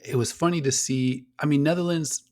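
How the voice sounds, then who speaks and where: A man's voice: a little high, steady tone, brisk, a little mellow. A man co-hosting a casual women's soccer podcast, enthusiastic, swearing freely and rattling off player names. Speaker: podcast co-host. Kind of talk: casual sports chat.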